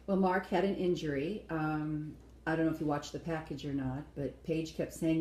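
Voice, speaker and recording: Woman co-host, blunt and opinionated; low, mellow voice; echoey room. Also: fairly even intonation, normal speed. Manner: opinionated, blunt, acts out quotes. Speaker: co-host reviewing a dance show. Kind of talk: casual chat review.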